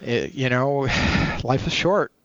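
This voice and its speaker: A man's voice: mid-range voice, slow pace, fairly bright tone, dry recording, highs cut off. A man in his forties, a podcast guest telling a personal story in a rambling way, full of fillers and restarts. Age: 40s.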